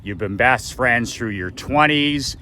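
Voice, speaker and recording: A man's voice: medium pitch, takes it slowly, bright, forceful tone, slight background noise, poor audio. A man voicing his stern father, an older man who bluntly scolds his son. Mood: stern lecturing. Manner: blunt, lecturing, emphatic.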